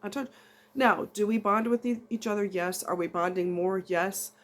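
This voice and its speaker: A woman's voice: medium pitch, normal speed, fairly bright tone. A woman chatting casually to camera in a rambling, emotional vlog. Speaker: vlogger.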